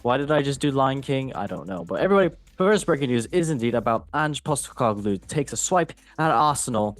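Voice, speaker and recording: A man hosts a casual football podcast, reading the news in a chatty, jokey way and tripping over his words now and then. His mid-range voice moves briskly with lively intonation. There's no room sound, just faint music in the background.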